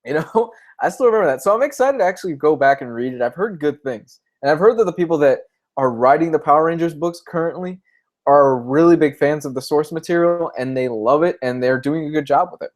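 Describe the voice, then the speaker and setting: A man's voice: a little high, animated, fast talker. A young man chatting casually on a livestream about comics, speaking openly and emotionally. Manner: candid, emotional, tearing up at times. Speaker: comic book vlogger.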